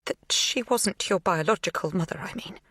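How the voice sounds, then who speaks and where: A woman voicing a tearful, pleading middle-aged woman in an audiobook, breathy and rushing her words. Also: fairly low pitch, fairly bright tone, dry recording, studio quality, pitched above the performer's own voice.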